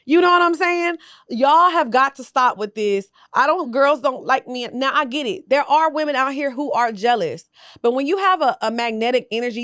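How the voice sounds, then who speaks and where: A woman's voice: high voice, fairly bright tone, no echo, clean studio sound. A young woman hosting a podcast, giving sassy, blunt commentary straight to her viewers. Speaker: podcast host. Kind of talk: casual commentary.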